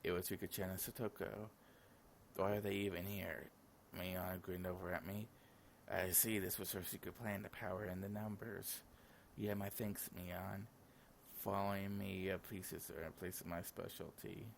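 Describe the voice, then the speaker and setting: A man's voice: deep voice, little pitch movement, normal speed, gravelly, a little hiss or hum. A sleepy young man reading all the lines of a visual novel aloud in his own voice, with casual asides. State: sleepy, yawning. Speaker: gaming channel host.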